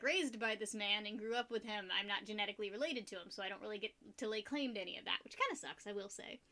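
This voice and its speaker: A woman's voice: a little high, pushed and bright. A young American woman streaming and chatting casually with viewers, rambling, filling with fillers and laughing often. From United States. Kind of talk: casual chat with viewers while painting.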